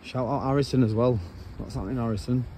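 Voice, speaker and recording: A man's voice: medium pitch, steady tone, fast, warm tone. A man chatting bluntly in slang as he walks along a road, filming on a handheld phone. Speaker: vlogger. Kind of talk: casual walking vlog. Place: outdoors walking along a road. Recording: outdoor traffic noise.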